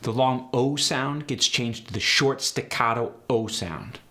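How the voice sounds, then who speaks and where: A man hosting a tutorial as an accent coach, explaining sounds in a brisk, direct way. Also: medium pitch, pushed and bright. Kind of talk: instructional tutorial.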